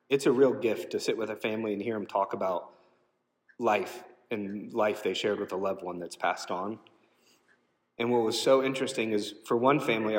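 A male pastor tells a story from the pulpit in a lively, emotional way. His voice sits at an ordinary pitch, caught from a distance, and rings through a large hall with a long reverb. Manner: storytelling, animated and emotional, shouting out quoted cheers. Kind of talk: sermon. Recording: roomy hall, voice from some distance.

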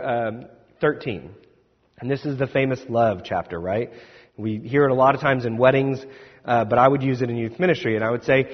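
A man preaching a sermon as pastor, in a conversational, self-deprecating storytelling manner. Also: a little high. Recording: echoey hall, dull sound.

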